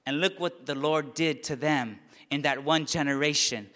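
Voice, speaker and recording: A man with a high, bright voice preaches a sermon, building to fervent near-shouts on key lines. His words ring out through a church sanctuary with a long, lingering reverb. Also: normal speed. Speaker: pastor.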